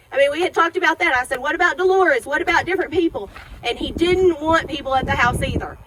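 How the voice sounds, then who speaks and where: Middle-aged woman, high voice; emotional eulogy delivered outdoors with clear traffic noise behind her. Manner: emotional storytelling, acting out remembered dialogue. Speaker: daughter giving a eulogy. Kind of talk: personal graveside eulogy. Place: outdoor cemetery graveside.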